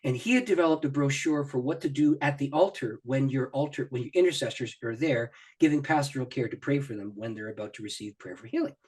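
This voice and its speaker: A man's voice: mid-range voice, quick pace, few pauses, a little mellow, slightly rough. A middle-aged man, a pastor and author, telling personal stories as an interview guest, acting out his own thoughts and laughing often. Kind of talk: animated personal storytelling in an interview.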